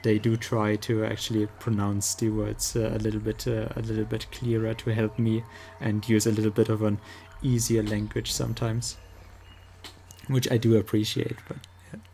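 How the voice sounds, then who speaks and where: A man with a strong German accent, speaking English as a second language, chats casually while he plays a game. His voice is gravelly and mellow, and he pauses often, feeling around for the right words. The delivery is easygoing and unhurried. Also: on the low side, little pitch movement, slight background noise. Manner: halting, searching for words. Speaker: streamer. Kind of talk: casual chat while gaming.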